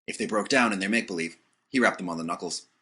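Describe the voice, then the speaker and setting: A man narrating an audiobook with expressive storytelling. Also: deep voice, quick pace, slightly rough.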